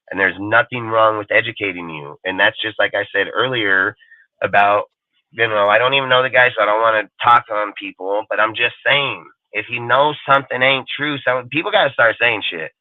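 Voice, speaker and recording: Foul-mouthed guy ranting, rambly and animated, sounds like a phone line, super dry. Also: on the low side, brisk, dry recording. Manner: animated, rambling, swears constantly. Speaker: sports show host. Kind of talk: casual profane rant.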